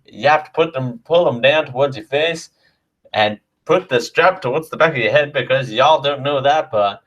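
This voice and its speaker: A man's voice: medium pitch, a bit bright, recorded from a distance, lo-fi sound, natural voice. A man doing a drawling Southern air hostess. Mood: chirpy. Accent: put-on Southern US drawl. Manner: sing-song, drawn-out safety spiel.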